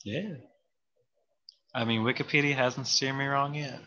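A man's voice: medium pitch, fairly even intonation, a little slow, bright, forceful tone, lo-fi sound. A man co-hosting a comedy podcast, playful and giggly, with lots of ums and uhs. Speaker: podcast co-host. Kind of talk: casual comedy banter.

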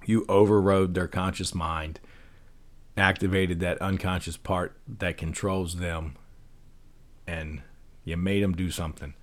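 Deep-voiced man musing in a loose talk. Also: fairly even intonation, measured pace, long pauses. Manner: loose and conversational, many fillers, rhetorical "right?". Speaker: podcast host. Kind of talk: casual solo talk on persuasion and parenting.

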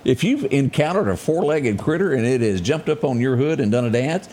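Lively morning show host. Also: male voice, mid-range voice, brisk, slight background noise. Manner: animated, sings snippets of lyrics. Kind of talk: casual morning show chat and local headlines.

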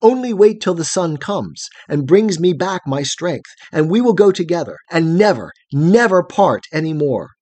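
A man voicing a young man who is frightened of the dark and speaks in a fearful, pleading way. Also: a little high, sing-song, normal speed, hardly any pauses, no echo, voice pushed up.

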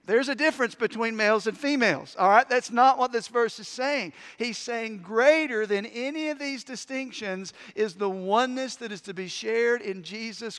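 A man preaching a sermon as pastor, talking conversationally and punching certain words loudly for emphasis. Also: very high-pitched, clean tone. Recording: long hall reverb.

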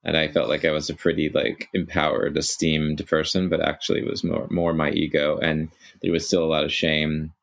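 A man with an extremely deep voice and a gravelly, creaky texture reflects thoughtfully as host. He speaks in a measured, affirming way, building on what his guest shared. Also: flat delivery. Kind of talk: reflective conversation.

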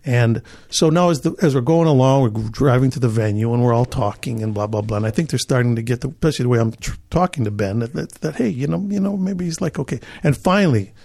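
A man from Chicago recounts an anecdote as a guest. His voice is husky with a gravelly edge, and he stumbles through repeated words as he builds the story. The pitch sits in a middle range. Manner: animated, halting repetitions. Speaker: actor, guest. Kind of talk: casual storytelling.

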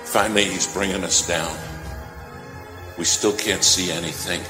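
A man's voice: sits low, fairly even intonation, measured pace. Male preacher, dramatic storyteller, long-reverb hall with music underneath. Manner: dramatic storytelling, swelling emphasis. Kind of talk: sermon. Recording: echoey hall with music behind.

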